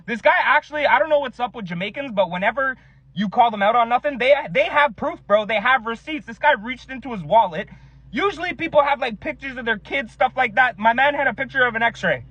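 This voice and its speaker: A man telling a comic storytime in loose, exasperated slang. His voice sits high for a man. The recording is dry and a bit dull. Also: expressive, brisk, sharp tone, husky, dry recording. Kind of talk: comedic storytime narration.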